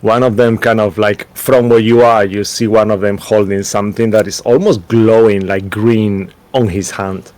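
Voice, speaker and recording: A man in a tabletop game, talking casually and loosely, with a gravelly, husky voice. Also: on the low side, fairly even intonation, moderate pace, few pauses, darkish tone.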